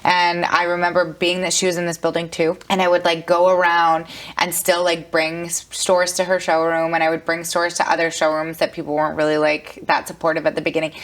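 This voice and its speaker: A woman's voice: fairly low pitch, completely flat delivery, a little fast, hardly any pauses. A young adult woman, a fashion brand founder, chatting casually in an interview and filling her talk with "like". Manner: chatty, peppered with "like".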